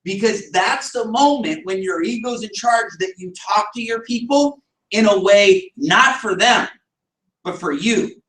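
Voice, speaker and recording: A man's voice: high-pitched, expressive, a little slow, a bit bright, a little hiss or hum. A man leading a business team meeting, talking emphatically, firing rhetorical questions and sometimes raising his voice. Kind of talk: motivational team meeting talk. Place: meeting room with a group. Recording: echoey room, picked up from a distance.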